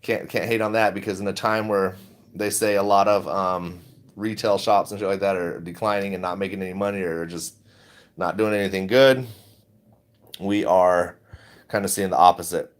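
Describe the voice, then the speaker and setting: Low-voiced guy rambling on a stream, chill, laughs a lot. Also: fairly even intonation, normal speed. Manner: rambling, laid-back, laughs often, slips into mimicry. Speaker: stock vlogger. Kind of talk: casual livestream chat.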